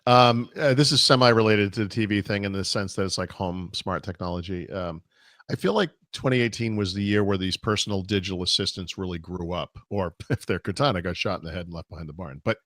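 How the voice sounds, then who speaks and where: Low-voiced man, throat going hoarse. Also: a little fast, a bit bright, no echo, clean studio sound. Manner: rambling with many fillers and restarts. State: losing his voice, clearing throat. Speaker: podcast co-host. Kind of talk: casual tech chat.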